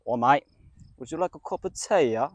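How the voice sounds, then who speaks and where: A man's voice: medium pitch, animated, fairly quick, no echo, clean studio sound, natural voice. A man doing a playful, exaggerated mock British accent as a chatty fellow offering tea.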